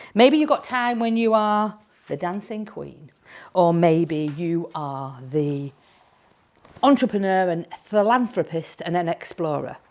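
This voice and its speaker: A woman's voice: medium pitch, gravelly, darkish tone. A woman with a Yorkshire accent, a speaking coach talking playfully and directly to camera. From Yorkshire, England.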